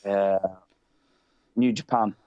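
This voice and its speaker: A man's voice: on the low side, fairly even intonation, slow pace, smooth, no room sound, lo-fi sound. A British man chatting casually as a podcast co-host, rambling and swearing, often laughing. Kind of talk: casual chat.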